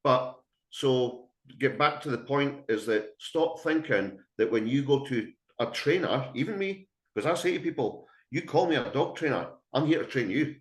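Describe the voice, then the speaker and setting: A man's voice: medium pitch, expressive, normal speed, few pauses. Guy, middle-aged dog trainer, blunt and straight-talking, mid voice, roomy echo. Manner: blunt, emphatic, anecdotal. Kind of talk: webinar talk to dog owners. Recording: echoey room.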